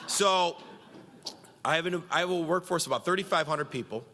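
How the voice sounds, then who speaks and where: Guy from central new york telling a story on stage, gravelly bright voice, big hall echo. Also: a little high, a little fast. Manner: animated, quotes himself and others. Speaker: county executive giving a conference speech. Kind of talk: storytelling speech.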